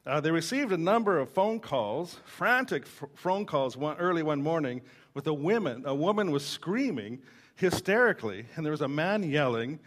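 Man, pastor, preaching; teasing storyteller with a fairly high voice, lots of "uh"s. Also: sing-song, normal speed, a bit bright. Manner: joking, storytelling, many fillers. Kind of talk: sermon.

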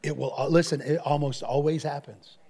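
Animated storytelling preacher man. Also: fairly high pitch, brisk, slightly rough. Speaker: pastor. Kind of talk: sermon.

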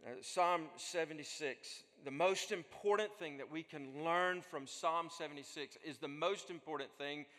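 A man preaching a sermon as pastor, speaking earnestly, building up and then dropping to a soft voice. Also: a little high, moderate pace, hardly any pauses. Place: church. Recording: long echo of a large hall.

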